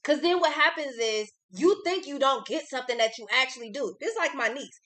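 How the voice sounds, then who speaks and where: A woman's voice: high voice, expressive, fairly quick, a bit bright. A young adult woman giving a casual tarot reading, blunt, outspoken and freely cursing. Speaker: tarot reader.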